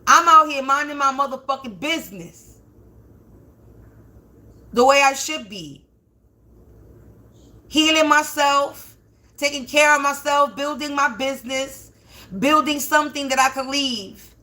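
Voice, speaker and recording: A woman's voice: high-pitched, measured pace, pauses often, sharp tone. A woman hosting a livestreamed spiritual reading, swearing heavily and rambling indignantly with restarts and stutters. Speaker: spiritual reader, livestream host. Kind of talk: livestreamed tarot-style reading, profane rant.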